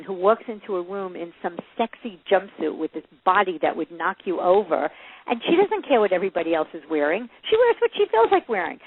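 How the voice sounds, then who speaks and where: Woman, parenting coach guest, animated storyteller, laughs a lot, tinny phone-line sound. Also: on the high side. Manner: lively storyteller who acts out quoted voices and laughs often. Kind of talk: casual interview chat.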